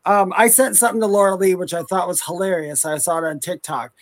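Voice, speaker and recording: A man co-hosting a live chat show about the paranormal, talking casually with hesitant restarts and quick laughs. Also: high voice, steady tone. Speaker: co-host.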